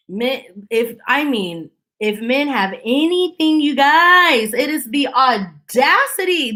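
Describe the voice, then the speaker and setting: A woman's voice: sits high, expressive, slow pace, bright, forceful tone. A woman hosting her channel, talking casually to viewers in an exasperated, sarcastic, opinionated way. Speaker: channel host.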